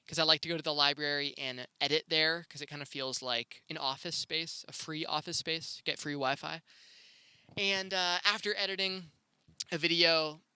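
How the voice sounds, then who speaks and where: Young male host, bright and clear tone, chatty solo storytelling with a close, dry sound. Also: a little high, no room sound. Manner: laid-back, chatty, with excited rises. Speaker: podcast host.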